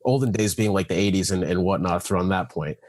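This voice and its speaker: A man's voice: deep voice, quick pace, darkish tone, no room sound. A nineteen-year-old man as guest co-host on a casual podcast, emphatic and opinionated. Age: teens. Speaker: guest co-host, race commentator. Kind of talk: casual chat.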